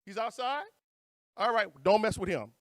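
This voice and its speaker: Joking playfully with the crowd, this New Orleans-accented conference emcee works to hype up the live audience. He speaks at a moderate pace in a high-pitched, slightly bright voice, captured in clean studio sound without room sound.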